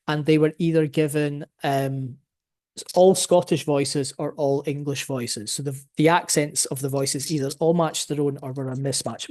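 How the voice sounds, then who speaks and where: A man's voice: on the high side, a little mellow. A man presenting his research in an academic talk, explaining his findings and thinking aloud as he goes.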